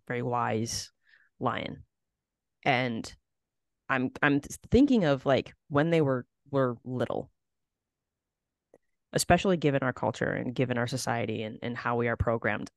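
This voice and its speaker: Host, mid pitch, animated explainer who builds analogies, recorded dry. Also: dry recording. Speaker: podcast host. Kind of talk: casual conversation.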